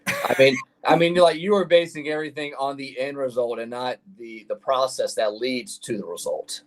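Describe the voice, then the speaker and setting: A man of medium pitch speaks at normal speed over some background noise as co-host of a sports podcast; he is also a radio host. His casual sports talk is laid-back and full of slang.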